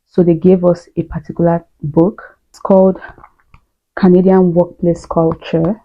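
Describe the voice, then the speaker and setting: A woman's voice: lowish voice, level tone, a little slow. A young woman from Nigeria with a Nigerian accent, talking candidly and chattily to camera with lots of fillers. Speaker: vlogger. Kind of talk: casual talk to camera. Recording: dull lo-fi sound.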